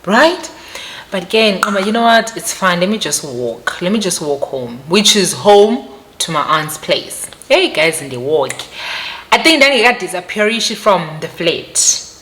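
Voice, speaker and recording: Young woman, South African accent, lowish voice, animated vlog storytelling, talks straight to viewers. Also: measured pace, a little hiss or hum. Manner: animated, emphatic, repeats phrases, addresses viewers directly. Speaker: vlogger. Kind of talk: personal storytelling to camera.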